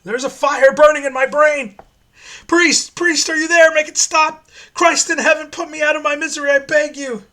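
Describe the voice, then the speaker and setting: A man voicing a defiant male death-row prisoner with a gruff, defiant manner. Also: mid-range voice, quick pace, close to an everyday voice. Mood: agonized.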